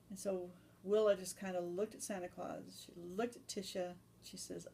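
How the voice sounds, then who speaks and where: A woman's voice: fairly low pitch, level tone, moderate pace, gravelly, dark tone. A woman telling an improvised story to children, loose and chatty with restarts.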